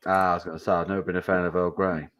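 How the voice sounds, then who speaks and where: A man's voice: low-pitched, little pitch movement, racing, noisy background. A man chatting casually with friends on a beer livestream, teasing and laughing as he talks. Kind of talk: casual chat over beer.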